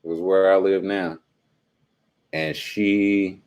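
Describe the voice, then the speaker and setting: Deep-voiced man chatting with his stream. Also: fairly even intonation, slow pace, pauses often, darkish tone, smooth. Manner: slangy, teasing, talks straight to his chat. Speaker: live-stream host. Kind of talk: casual live-stream chat reading viewer comments.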